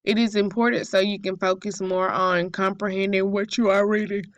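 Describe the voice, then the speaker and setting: A woman's voice: medium pitch, little pitch movement, moderate pace, dry recording, dull audio. A young woman student reading her class presentation aloud carefully, with occasional slips.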